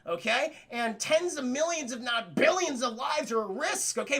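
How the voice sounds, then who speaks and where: A young man streaming a rambling film review to his chat, with a very high voice that has a gravelly edge. He talks loosely, swears freely and breaks into laughter, with a bright, sharp tone. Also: big pitch swings, moderate pace. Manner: rambling, profane, addresses chat often, laughs a lot. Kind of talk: casual spoiler review chat.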